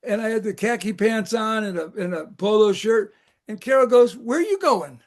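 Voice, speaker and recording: An older man with a notably high voice tells camp stories in a loose, rambling way. He restarts his sentences often and laughs his way through the punchlines. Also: moderate pace. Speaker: guest, former camp rec director. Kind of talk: casual storytelling chat.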